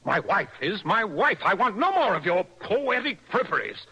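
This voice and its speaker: An actor playing an earnest, stubborn parson in a radio play, speaking in a forceful, indignant way. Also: male voice, high voice, big pitch swings, moderate pace, vocal fry, full character voice, low-quality recording. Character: earnest, stubborn middle-aged male parson. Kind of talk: radio stage-play acting.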